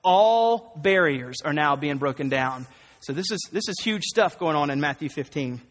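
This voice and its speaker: A man preaching a conversational, animated sermon, often acting out the voices of the people he quotes. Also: a little high, moderate pace, big-room sound.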